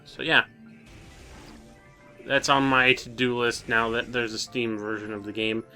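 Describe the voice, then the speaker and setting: Young man, very bright tone, casual let's play chat, yawning and rambly, faint music behind. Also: medium pitch, steady tone, unhurried. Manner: yawning, tired, rambling with stammered restarts.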